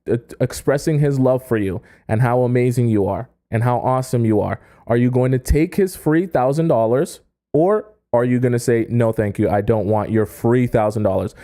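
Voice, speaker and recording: A man hosting a dating-advice live stream in a mellow, soft-edged voice. He talks directly to his viewers and reads their comments aloud. He keeps punctuating his points with "right?" and "okay?". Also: mid-range voice, normal speed. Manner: repeats "right?" and "okay?", addresses the chat directly. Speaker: dating coach.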